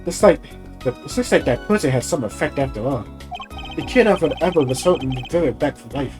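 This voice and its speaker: A young woman commenting on a story game as she plays, expressive and casually swearing. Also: deep voice, fairly quick, faint music behind. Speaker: gaming YouTuber. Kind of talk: let's play commentary.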